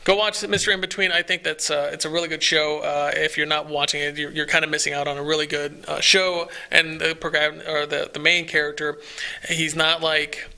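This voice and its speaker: Gravelly, bright-voiced man rambling eagerly. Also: on the high side, level tone, fairly quick. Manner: rambling, many restarts, enthusiastic recommending. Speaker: podcast co-host. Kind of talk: casual chat.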